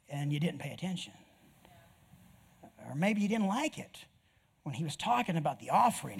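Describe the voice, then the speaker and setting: A middle-aged man preaching a sermon, telling a story with lively swings from loud outbursts to near whispers. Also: a little high, moderate pace, gravelly, long pauses, husky. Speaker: pastor.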